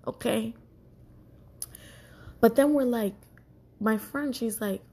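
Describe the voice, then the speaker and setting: A young woman tells a long story in a casual, animated way. Her voice is husky and gravelly, and her profane storytelling runs quickly. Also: on the high side.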